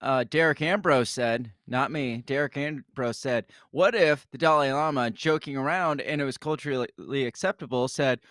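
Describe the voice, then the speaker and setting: A man's voice: medium pitch, normal speed, few pauses, fairly bright tone, dry recording. A man co-hosting a casual news podcast, reading stories aloud and commenting in a wry, hesitant way. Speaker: podcast co-host.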